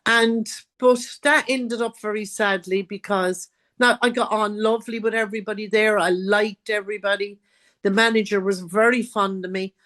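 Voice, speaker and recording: A woman's voice: medium pitch, steady tone, normal speed, fairly bright tone. An Irish woman, a guest author, telling her own life story in an interview and acting out what others said. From Ireland.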